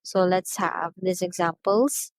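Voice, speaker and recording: A woman's voice: lowish voice, fairly even intonation, slow, no room sound, rough recording. A woman with a Filipino accent, an English teacher giving a recorded lecture, stressing words to show pronunciation and slipping into Tagalog asides.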